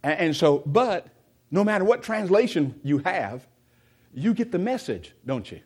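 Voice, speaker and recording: A man's voice: high-pitched, big pitch swings, measured pace, a little mellow, slightly rough. A man preaching a sermon in a conversational way, often putting questions to the congregation and restarting his sentences. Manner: many restarts and repeated words.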